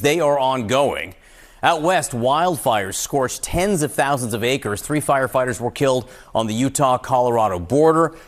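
Man reading breaking news headlines. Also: mid-range voice. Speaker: news anchor.

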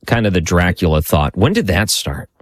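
A man's voice: sits low, sing-song, moderate pace, no room sound. A man hosting an interview, curious and casual, stacking follow-up questions.

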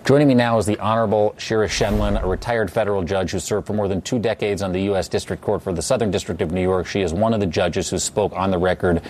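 A man with a lowish voice anchors a TV news segment, reporting in an emphatic, pointed manner. He leans hard on key figures and phrases, speaking into a studio microphone with faint background noise. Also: fairly even intonation, fast talker, few pauses, darkish tone. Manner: emphatic, indignant delivery. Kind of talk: TV news commentary.

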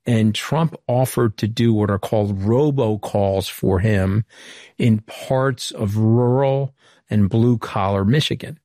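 A man's voice: fairly low pitch, slow pace, warm tone, dry recording, clean studio sound. A middle-aged man from Long Island, giving an interview guest's candid, anecdotal account and acting out past conversations. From Long Island, New York. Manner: candid, anecdotal, recounts dialogue. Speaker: interview guest, former White House communications director. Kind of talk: interview storytelling.

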